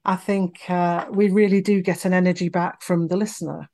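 Lady voice coach chatting on a podcast, expressive, explains things clearly. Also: on the low side, moderate pace. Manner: expressive, demonstrates vocal examples. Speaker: voice coach guest. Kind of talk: conversational podcast interview.

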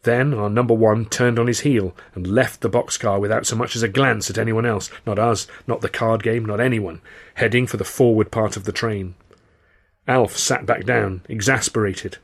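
A man, the author, reading his novel aloud in measured, dry first-person narration. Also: lowish voice, gravelly.

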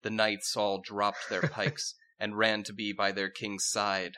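A man narrating a comedic fantasy story in a wry, deadpan way for a podcast. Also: lowish voice, measured pace. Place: podcast recording with friends.

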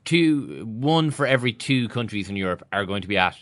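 Man from ireland, podcast co-host, rapid speech, lowish voice. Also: lively intonation, fairly bright tone, dry recording. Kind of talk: casual football chat.

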